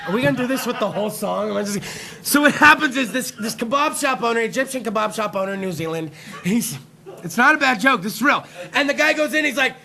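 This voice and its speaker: A man hosting a live internet talk show, telling a profane, rambling, excitable comedic rant. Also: very high voice, quick pace, gravelly.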